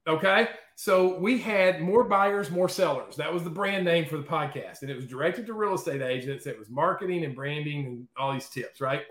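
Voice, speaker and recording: Man, interview guest, animated storyteller, slightly high pitch, roomy echo. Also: normal speed, hardly any pauses. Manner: animated, chatty, frequent "okay?" and "right?".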